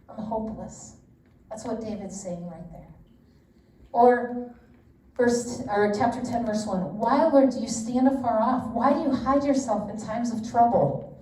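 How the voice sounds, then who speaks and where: In a church meeting room, a middle-aged woman leads a women's Bible study with chatty, candid teaching full of asides. Her fairly high voice has a dark tone, and the distant mic picks up roomy echo and slight background noise.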